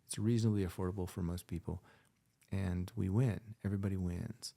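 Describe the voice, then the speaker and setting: Heartfelt doctor guy chatting, low gravelly voice, kinda dark tone. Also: fairly even intonation, a little fast. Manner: heartfelt, repeats himself for emphasis. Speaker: physician and podcast host. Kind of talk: casual conversation, storytelling.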